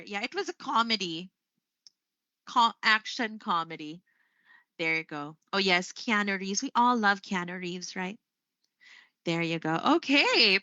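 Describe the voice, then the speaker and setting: A woman's voice: on the high side, sharp tone, no echo, highs cut off. A woman with a Filipino accent teaching a live online English lesson, chatty and upbeat, often saying "there you go.".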